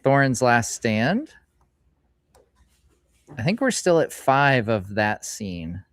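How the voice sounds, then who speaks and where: A middle-aged man hosts a casual live stream from a hobby store and rambles along as he opens packs. His voice sits at an ordinary middle pitch, and he slows down to read out each card name. The sound is close and dry, with little room echo. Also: sing-song, fairly bright tone. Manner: chatty and rambling, reads card names aloud in a slowed voice. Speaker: streamer host.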